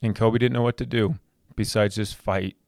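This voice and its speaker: On the podcast he hosts, a man in his thirties earnestly shares a personal story in a low, slightly mellow voice with fairly even intonation at a normal speed. His heartfelt telling is full of stumbles and repeated words, captured in a dry, close recording without room echo.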